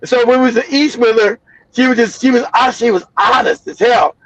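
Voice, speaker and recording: A man in his fifties from the United States, telling profane family stories on his stream with loud cackling laughs. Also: extremely high pitch, fairly quick, dry recording. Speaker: streamer host. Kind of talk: profane casual storytelling. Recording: dull lo-fi dry stream audio.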